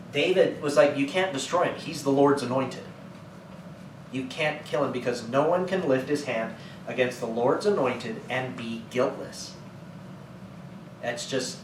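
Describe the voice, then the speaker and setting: Pastor in an echoey church from a distance. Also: male voice, medium pitch, slight background noise. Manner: conversational, retells scripture in everyday words. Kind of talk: sermon teaching.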